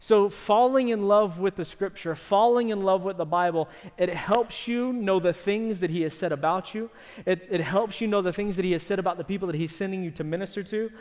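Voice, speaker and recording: A man preaching a sermon and telling a story with lively energy. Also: high voice, a little fast, hardly any pauses, big-room sound. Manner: animated storytelling, shouting in acted quotes. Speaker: pastor.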